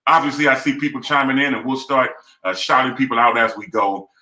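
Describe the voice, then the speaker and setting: A man's voice: mid-range voice, fairly quick, bright, forceful tone, roomy sound, low-quality recording. A man hosting a live online talk show, speaking in an emphatic, rhythmic, preacher-like way. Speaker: host.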